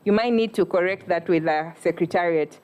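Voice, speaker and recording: A woman moderating a student election, calling candidates up in brisk, businesslike announcements. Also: lowish voice, darkish tone.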